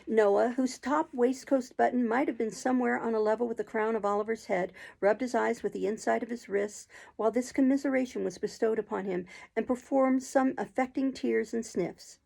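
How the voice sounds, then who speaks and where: A woman narrating a classic novel aloud, expressive, now and then clearing her throat. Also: fairly high pitch, a little fast, hardly any pauses, low-quality recording.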